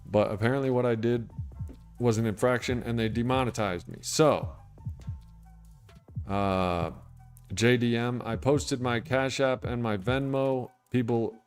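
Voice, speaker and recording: A man's voice: mid-range voice, steady tone, a little slow, soft background music. A man hosting a casual livestream, chatting in a rambling, laid-back way and answering viewers' comments. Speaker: livestream host. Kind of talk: casual livestream chat about sobriety.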